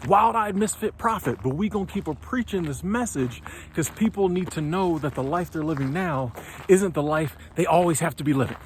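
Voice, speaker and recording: A man, hosting his own channel and delivering an impassioned motivational monologue, preachy and animated, sometimes stumbling over his words. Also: on the high side, brisk, slight background noise. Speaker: channel host.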